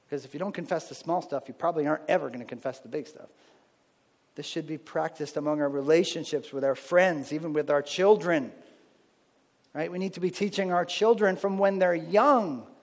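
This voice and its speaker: A man's voice: on the high side, a little fast, long reverb tail. A married man with children, preaching a sermon in a conversational way and often checking in with "right?". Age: adult, married with children. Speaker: pastor.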